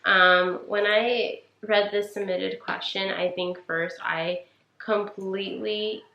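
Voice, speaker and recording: A woman's voice: medium pitch, fairly even intonation, slow pace, creaky, bright, forceful tone, dull audio, a little hiss or hum. A woman in her twenties co-hosting a podcast. She gives casual, heartfelt advice, says "like" a lot and talks straight to the listeners. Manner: earnest, heartfelt, many "like"s, addresses listeners as "you guys". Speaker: podcast co-host. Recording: echoey room.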